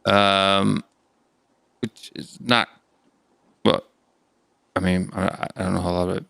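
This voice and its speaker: Gravelly, smooth-voiced American streamer. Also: male voice, sits low, flat delivery, takes it slowly, pushed and bright, dry recording. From United States. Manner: chatty, thinks aloud with fillers. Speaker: livestream host. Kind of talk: casual livestream chat.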